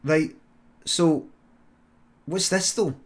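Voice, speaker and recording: A man's voice: fairly high pitch, drawn-out words, voice pushed up. A man doing a pushy, incredulous Scottish bloke. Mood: probing. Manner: incredulous, questioning. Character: blunt working-class man, nosy and pushy.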